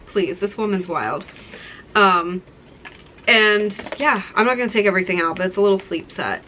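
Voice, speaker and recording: A young woman vlogging in a casual, excited way, gushing and rambling as she shows gifts to her viewers. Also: mid-range voice, normal speed, pauses often, a little hiss or hum, low-quality recording. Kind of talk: casual chat to camera.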